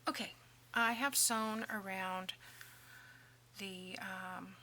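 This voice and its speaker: Chatty woman with a bright voice. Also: mid-range voice, fairly even intonation, extremely slow, slight background noise. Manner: chatty, self-deprecating, mutters softly while working. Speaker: craft tutorial host. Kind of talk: casual crafting tutorial.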